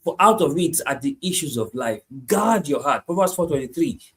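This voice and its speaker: A man preaching a sermon, repeating his points emphatically and moving between hushed lines and loud climaxes. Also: fairly high pitch, animated, normal speed. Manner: repetitive, emphatic, swings from hushed to shouting.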